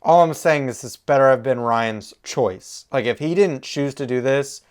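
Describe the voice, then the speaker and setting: A man hosting a reaction video, talking excitedly back at the characters on screen. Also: mid-range voice, moderate pace, clear, resonant tone. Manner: animated, exclaims and talks to the characters.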